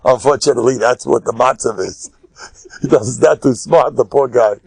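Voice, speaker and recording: Older rabbi with a gravelly voice. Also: male voice, mid-range voice, dry recording. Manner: emphatic, with sudden loud bursts and quick asides; chatty, storytelling, chuckling. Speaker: rabbi giving a lecture. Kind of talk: animated Torah lecture.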